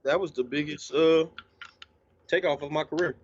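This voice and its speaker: A man's voice: on the high side, moderate pace. A man talking as a guest DJ in a casual interview, laid-back and slangy, sometimes eating while he talks. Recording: slightly dull lo-fi sound.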